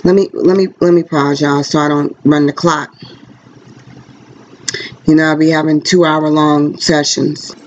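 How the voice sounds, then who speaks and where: A woman giving a casual tarot reading, talking in a rambling, chatty way with quick pressured speech and a blunt, frank manner. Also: low-pitched, little pitch movement, a little hiss or hum. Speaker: tarot card reader. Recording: dull lo-fi recording.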